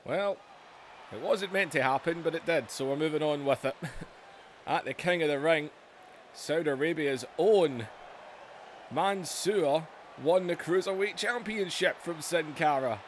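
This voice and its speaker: A man hosting a gaming channel who gives excitable mock wrestling play-by-play for a video game and yells at the big moments. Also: fairly high pitch, unhurried, slight background noise.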